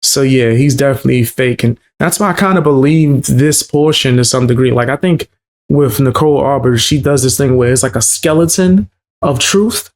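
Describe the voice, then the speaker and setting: Gravelly, blunt male commentator. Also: medium pitch, moderate pace. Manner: incredulous, blunt. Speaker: commentary host. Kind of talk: casual reaction commentary.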